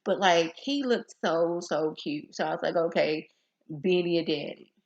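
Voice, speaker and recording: A young woman recapping a TV episode in a casual, chatty way, often acting out the characters' lines in an animated voice. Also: fairly low pitch, normal speed, highs cut off. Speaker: TV show reviewer.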